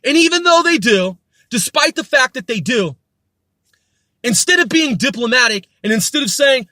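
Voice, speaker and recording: A man with a very high, sharp voice rants furiously on his podcast. He swears constantly and repeats his insults. The sound is dry and close, with no room. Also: lively intonation, moderate pace, no echo. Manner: profane, ranting, repetitive insults. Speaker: podcast host. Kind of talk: angry monologue rant.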